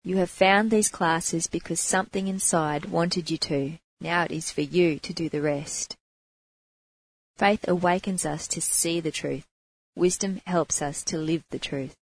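Low-voiced woman teaching spiritual class. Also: steady tone, unhurried, husky, no echo, poor audio. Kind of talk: spiritual class talk and storytelling.

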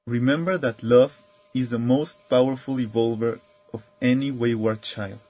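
A man speaking calmly and reflectively as a spiritual teacher, telling a story in a measured way. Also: mid-range voice.

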